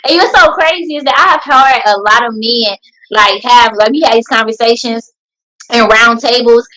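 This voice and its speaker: Lady host on a podcast, high and bright, blunt and expressive. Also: moderate pace, rough recording. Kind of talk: casual chat, moderating.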